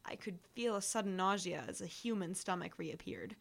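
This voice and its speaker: A woman's voice: on the low side, moderate pace, gravelly. A woman reading a first-person story aloud, building to breathless urgency in the action. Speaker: audiobook narrator.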